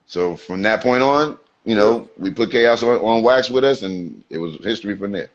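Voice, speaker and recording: A man with a low voice tells stories in a relaxed, streetwise way, full of slang. He talks over a video call, and the sound comes through dull and lo-fi. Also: a little fast, few pauses. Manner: laid-back, streetwise storytelling with slang. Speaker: guest rapper. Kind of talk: casual storytelling interview. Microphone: video call mic.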